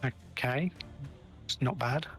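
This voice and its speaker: A man playing a tabletop game, describing his character's moves with many pauses and restarts. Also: medium pitch, fairly bright tone, soft background music. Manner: hesitant, many ums and restarts. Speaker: player.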